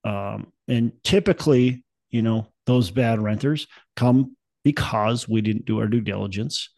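A man's voice: on the low side, a little slow, a little mellow, no echo. A man in his thirties from Minnesota, co-hosting a podcast in casual chat, rambling and upbeat with many restarts. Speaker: podcast co-host.

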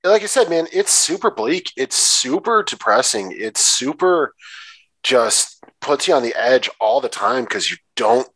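A man's voice: a little high, very animated, unhurried, creaky, a bit bright, no echo, low-quality recording. A man co-hosting a film podcast, talking casually with profanity and jokey asides about a movie. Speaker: podcast co-host.

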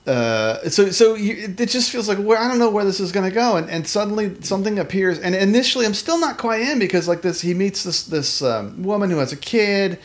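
Man, casual podcast film chat, rambling, restarts a lot, does quick silly voices. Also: sits high. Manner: animated, rambling, many restarts and fillers, acts out quotes. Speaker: podcast co-host.

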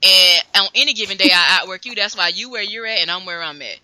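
A woman in her thirties, co-hosting a casual podcast chat and telling stories in an animated, emphatic way with frequent laughs. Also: mid-range voice, fast, no echo, poor audio. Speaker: podcast co-host.

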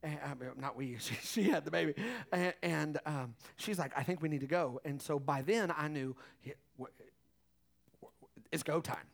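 A middle-aged man preaching a sermon, telling stories in an animated way with laughs and acted-out voices. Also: a little high, moderate pace, creaky, hardly any pauses. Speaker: pastor.

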